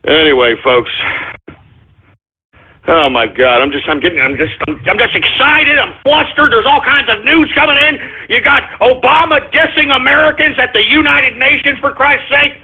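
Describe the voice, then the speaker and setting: A man doing a husky, high-pitched blustering Texan radio host. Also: moderate pace, full character voice. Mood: ranting. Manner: ranting, cursing, stumbling over words, drunk-sounding bravado. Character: blustering, foul-mouthed middle-aged male Texan radio host. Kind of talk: parody talk radio rant. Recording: tinny phone-like radio sound.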